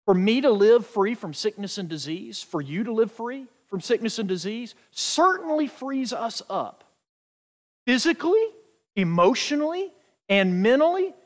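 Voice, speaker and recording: A male pastor delivers his sermon in a high, wildly lively voice. He swings from near-shouted declarations to hushed, quiet asides. The sound rings with the long reverb of a big hall. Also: moderate pace.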